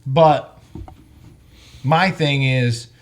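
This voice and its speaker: A man's voice: mid-range voice, drawn-out words. A man co-hosting a casual sports podcast, blunt and profane, who gets worked up when he makes his point. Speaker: podcast co-host.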